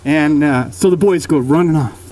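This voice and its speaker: A man casually telling a spooky story aloud, relaxed and rambling, often correcting himself. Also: a little high, normal speed, recorded from a distance, rough recording.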